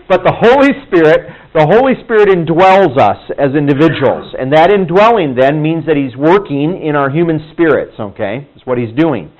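A man teaching a Bible class in a casual, conversational way, acting out quoted people in higher voices. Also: expressive, normal speed, darkish tone. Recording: dull lo-fi room recording.

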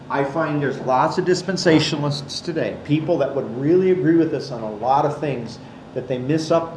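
A man's voice: a little high, a little mellow. A man giving an explanatory Bible teaching to a class, pointing things out on a board. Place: classroom or church hall. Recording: echoey room, faint background noise.

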